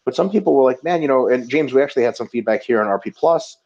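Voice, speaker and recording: A man co-hosting a casual webinar, joking and swearing as he tells animated stories. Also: mid-range voice, fast, gravelly. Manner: profane, joking, animated storytelling. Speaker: webinar co-host. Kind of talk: casual chat. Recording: dull lo-fi audio.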